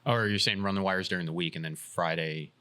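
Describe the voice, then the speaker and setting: A man co-hosting a casual podcast, talking bluntly and swearing freely as he thinks out loud. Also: deep voice, fairly even intonation, fairly quick, clear, resonant tone, no room sound. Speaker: podcast co-host.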